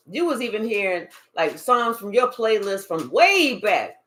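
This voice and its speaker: Unhurried and sharp-toned, a woman with a fairly high voice and big pitch swings channels a tarot reading for the camera. She swears, speaks emphatically to the viewer, and murmurs side comments to spirit.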